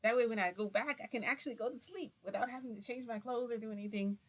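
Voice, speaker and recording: A woman's voice: fairly high pitch, quick pace, fairly bright tone. A woman vlogger telling a story in a casual, chatty monologue with lots of fillers and mild swearing.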